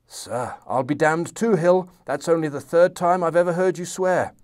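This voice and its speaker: Man reading a dry commanding british general, voice goes up and louder. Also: on the high side, moderate pace, close to an everyday voice. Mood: dry amusement.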